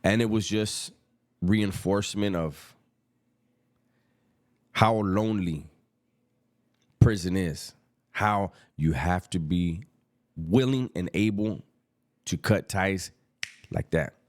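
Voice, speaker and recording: A middle-aged man, telling a story about prison in casual street slang, unhurried and reflective. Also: low voice.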